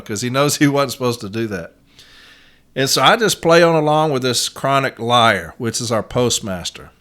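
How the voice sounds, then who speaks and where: A man's voice: mid-range voice, bright, forceful tone. A man hosting a podcast, telling a story in a casual monologue and acting out the quotes, with frequent "uh" fillers. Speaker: podcast host, union advocate.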